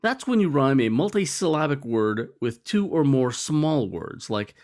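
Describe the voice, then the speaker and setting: Lively man explaining rhymes. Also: mid-range voice, measured pace, hardly any pauses. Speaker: teacher. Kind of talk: scripted explainer narration.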